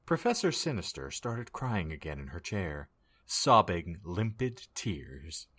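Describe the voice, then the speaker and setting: Man, podcast host, comedy narration, wry, slow, low bright voice. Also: sing-song. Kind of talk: comedic dramatic reading.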